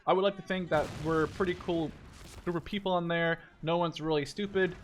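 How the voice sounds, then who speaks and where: A man's voice: a little high, steady tone, fairly quick. A man in his twenties, originally from the Netherlands, giving casual, rambling commentary while he plays a war game, swearing now and then. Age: 20s. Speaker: gaming YouTuber. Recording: faint game noise and artillery behind.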